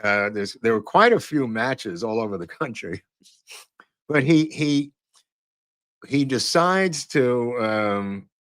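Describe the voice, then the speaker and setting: A man's voice: medium pitch, animated, slow pace, a bit bright, no room sound. A man hosting a podcast, talking casually over photos and clips in a rambling way with many fillers and restarts. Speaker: podcast host.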